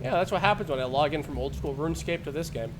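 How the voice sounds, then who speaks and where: A man's voice: on the high side, fast talker, a little hiss or hum. A man streaming a game, chatting casually with lots of swearing and laughter. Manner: animated, swearing, laughing often. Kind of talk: casual chat while gaming.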